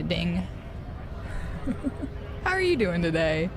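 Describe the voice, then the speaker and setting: A woman's voice: fairly low pitch, moderate pace, gravelly, noisy background. An American woman live-streaming a game, chatting casually and rambling with many fillers and laughs. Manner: rambling, giggly, lots of fillers. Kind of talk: casual live-stream chat while gaming.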